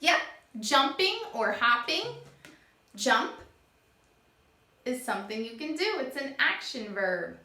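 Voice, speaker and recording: A woman teaching young children, acting out each word she explains in a slow, animated way. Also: a little high. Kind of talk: children's lesson. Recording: echoey room.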